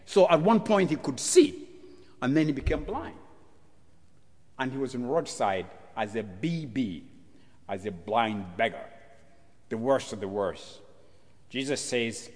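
A male pastor preaching a sermon, animated and full of rhetorical questions, acting out the voices in the story. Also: mid-range voice, a little slow, long pauses. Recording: long church hall reverb.

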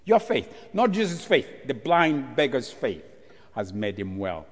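A male pastor preaching a sermon, animated and full of rhetorical questions, acting out the voices in the story. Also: medium pitch, a little slow. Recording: long church hall reverb.

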